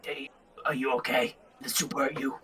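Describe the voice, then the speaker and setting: A man voicing a small, fussy elf woman who talks in a high, flustered flutter in a tabletop game. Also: wildly swooping pitch, normal speed, sharp tone, heavily acted. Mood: worried.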